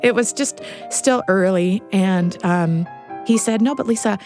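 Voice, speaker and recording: A woman's voice: medium pitch, measured pace, darkish tone, soft background music. A middle-aged woman, a guest in an interview, telling a personal story with earnest feeling. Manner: earnest, storytelling, at times choked up. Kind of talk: emotional interview.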